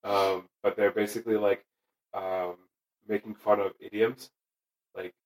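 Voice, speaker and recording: A man in a relaxed chat with a friend. He chuckles often and fills in names and facts when his friend's memory stalls. His voice carries a roomy echo. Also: on the low side, unhurried. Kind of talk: casual chat.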